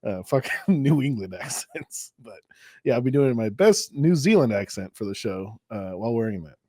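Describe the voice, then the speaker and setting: A man co-hosting a gaming podcast, telling stories in a lively way, swearing and laughing as he goes. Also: mid-range voice, normal speed, breathy edge, no echo, clean studio sound. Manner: animated storyteller, swears and laughs often. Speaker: podcast co-host. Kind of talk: casual podcast chat.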